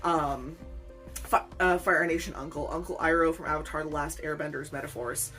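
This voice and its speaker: Low-voiced woman rambling casually. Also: fairly even intonation, normal speed, fairly bright tone, faint music behind. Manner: chatty, rambling, self-deprecating, laughs often. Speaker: weaver, channel host. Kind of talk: rambling casual unboxing vlog.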